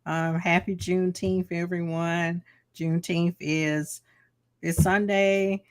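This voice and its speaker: Southern woman co-hosting a podcast, georgia accent, lowish voice, laughs a lot, dry close sound. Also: level tone, slow, no room sound. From Atlanta, Georgia. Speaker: podcast co-host. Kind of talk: casual chat.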